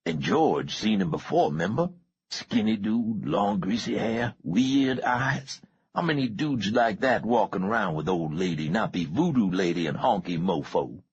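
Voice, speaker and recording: A boastful teenage gang boy with a sore throat, voiced by a man, speaks in a hoarse, husky street drawl. He stretches his words out slowly. The audiobook recording sounds dull and lo-fi. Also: fairly low pitch, lively intonation, no room sound, voice pushed up, full character voice. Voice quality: husky whisper, street slang.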